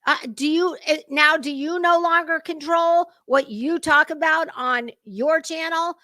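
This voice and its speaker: A woman host delivers snarky, profanity-laced commentary while chatting with her viewers. Her voice sits a little high, and the sound is close and dry with no room around it. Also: a little slow, sharp tone, no room sound. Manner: mocking, profane, talks to chat. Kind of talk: sarcastic reaction commentary.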